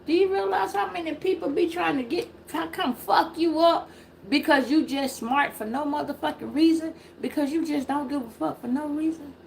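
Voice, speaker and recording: A middle-aged woman giving a casual live-stream tarot reading, preachy and profane, with loud emphatic bursts. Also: sits high, normal speed, gravelly, a little hiss or hum. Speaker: tarot reader.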